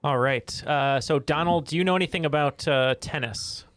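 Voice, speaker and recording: A man co-hosting a trivia podcast, friendly and thinking out loud. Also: fairly high pitch, normal speed. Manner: friendly, thinks aloud with fillers. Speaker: podcast co-host and player. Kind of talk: casual podcast banter.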